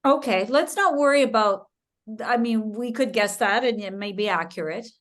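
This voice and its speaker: A woman's voice: fairly high pitch, moderate pace, a bit bright. A woman facilitating a communication workshop, guiding a participant directly and firmly. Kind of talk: coaching in a workshop.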